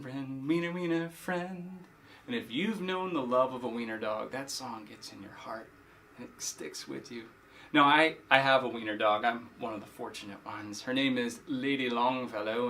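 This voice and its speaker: A man's voice: medium pitch, fairly bright tone, slight background noise. A middle-aged man, a pastor hosting a short podcast, telling a story casually and often repeating words as he goes.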